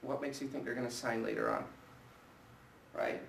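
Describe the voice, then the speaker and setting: A man running a live sales training, energetic and coaching, putting questions to the people in front of him. His voice comes from some way off the mic, in an echoey room with a faint hum of ambience behind it. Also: mid-range voice, moderate pace, creaky, far from the mic.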